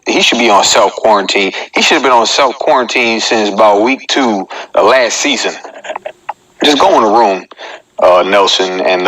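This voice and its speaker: A male comedian in his thirties hosts a casual live-stream monologue. His voice is bright and forceful, and he jokes with his viewers and talks straight to them. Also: on the low side, low-quality recording. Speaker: comedian hosting his own live show.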